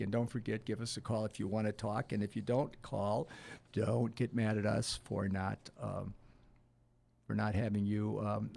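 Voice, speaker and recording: Older male talk radio host, gravelly, rambling and hesitant delivery. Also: on the low side, a little mellow. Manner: rambling, hesitant with many fillers.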